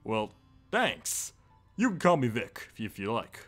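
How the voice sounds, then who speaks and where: A man's voice: medium pitch, big pitch swings, measured pace, fairly bright tone, faint music behind. A man voicing an earnest, friendly male cyborg superhero as he reads game dialogue aloud, stumbling over a few words.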